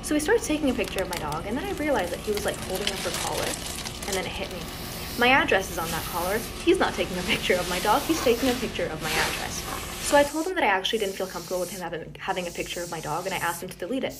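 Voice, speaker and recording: A woman's voice: mid-range voice, lively intonation, rapid-fire, heavy background noise. A woman telling a personal story in a chatty way, with lots of filler words. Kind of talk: storytime narration over satisfying video.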